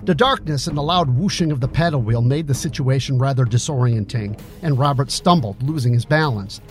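A man narrating a novel as an audiobook, reading with expressive storytelling. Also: mid-range voice, a little fast, faint music behind. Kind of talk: scripted narration.

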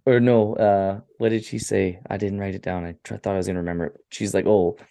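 Low, mellow-voiced man recapping crudely. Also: little pitch movement, gravelly. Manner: loose, crude storytelling with quick acted-out quotes. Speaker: podcast co-host recapping a film. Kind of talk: casual profane film recap.

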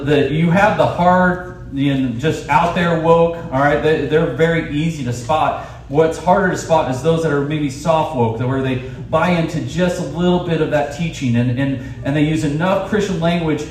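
A man preaching at a camp in an animated way, with quick asides and restarts. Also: a little high, slight background noise. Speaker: camp speaker. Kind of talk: sermon. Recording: echoey hall, distant mic.

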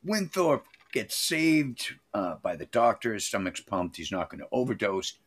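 Middle aged guy on a movie podcast, jokey, teasing, lively ups and downs in his voice. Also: fairly low pitch, normal speed. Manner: joking, teasing, animated storytelling. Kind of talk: casual movie review chat.

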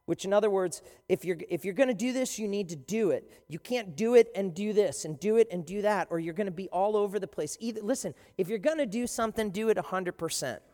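A pastor delivers an animated, emphatic sermon, retelling scenes with punchy emphasis. The voice carries a long hall reverb that marks a large church space. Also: mid-range voice, fairly quick, hardly any pauses.

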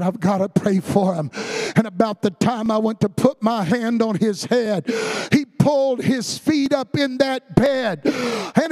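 A man preaching a fervent sermon in a church sanctuary, rising to shouts. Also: very high voice, unhurried, no room sound. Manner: fervent Southern-style preaching, building to shouts.

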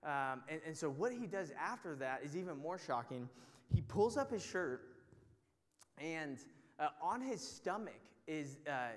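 A young man teaching a Bible study, telling a story in a casual, self-mocking way full of filler words. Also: a little high. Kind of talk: storytelling sermon. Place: teaching to a group in a large room. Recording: long hall reverb.

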